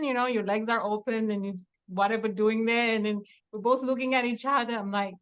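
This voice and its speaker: A woman recounting her own patient story in an interview, animated and acting out the dialogue with frequent laughter. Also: fairly high pitch, a little fast, hardly any pauses. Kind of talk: emotional personal testimony in an interview.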